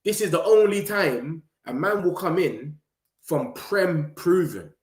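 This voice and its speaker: A young man, chatting casually and excitedly to his viewers in street slang, running his words together. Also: fairly high pitch. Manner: excitable, slangy, rapid run-on talk. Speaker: football vlogger streaming to viewers. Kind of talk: casual live-stream chat. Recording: roomy echo.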